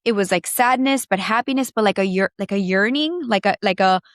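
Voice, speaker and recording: A woman's voice: medium pitch, brisk, dry recording, studio quality. A woman co-hosting a podcast in casual chat, emotional and rambling, with many restarts and trailing thoughts. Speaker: podcast co-host.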